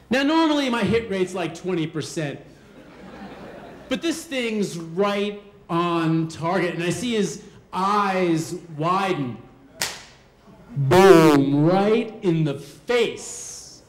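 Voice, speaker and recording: A man telling a personal story on stage, animated and acting out the voices of the people in it. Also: high-pitched. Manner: animated, acts out quoted voices. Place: live storytelling show venue. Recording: roomy hall sound.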